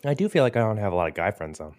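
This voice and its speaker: A man's voice: lowish voice, big pitch swings, very fast, a little mellow, dry recording, clean studio sound. A man in his thirties co-hosting a podcast in casual chat, rambling and self-deprecating. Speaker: podcast co-host.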